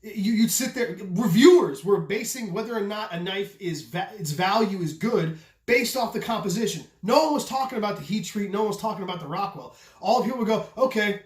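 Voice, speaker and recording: A man who runs a knife channel, talking loudly and passionately in a casual rant, swearing freely and asking rhetorical questions. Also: high voice, lively intonation, a little fast. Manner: loud, passionate, voice carries; profane, repetitive restarts, rhetorical questions. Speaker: custom knife maker and channel host. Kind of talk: casual opinion rant to camera. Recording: echoey room.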